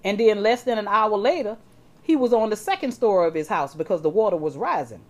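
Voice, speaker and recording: A woman's voice: medium pitch, animated, a little fast. A woman preaching a sermon, repeating words as she talks and checking in with her congregation.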